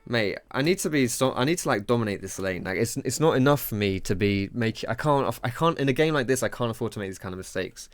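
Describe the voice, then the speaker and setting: A man's voice: medium pitch, expressive, fast, hardly any pauses, no room sound. A young man commentating his own gameplay live, self-critical and rambling, with casual slang and swearing. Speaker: gaming streamer.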